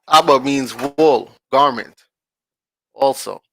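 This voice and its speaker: Slow, bright-voiced man reading aloud. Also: medium pitch, rough recording. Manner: slow, drawn-out reading with frequent checks to the listeners; addresses viewers directly in casual slang. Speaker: online channel host. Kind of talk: casual commentary reading from a screen-shared page.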